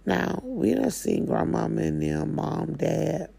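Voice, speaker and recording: Slow gravelly woman, casual spiritual talk. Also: sits low, lively intonation, dark tone. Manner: folksy, drawling, slangy Southern-style speech. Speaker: spiritual coach. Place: living room at home.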